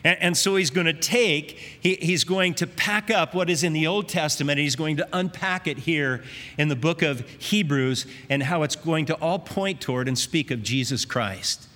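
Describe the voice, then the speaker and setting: A man preaching an expository sermon, earnest and emphatic, reading scripture slowly. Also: fairly high pitch, sharp tone. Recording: reverberant hall.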